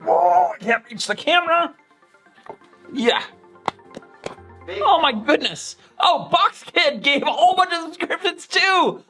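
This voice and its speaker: Lively high-voiced woman streaming live. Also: measured pace, gravelly, faint music behind. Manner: animated, gushing thanks and coaxing a dog. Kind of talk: casual live-stream chat.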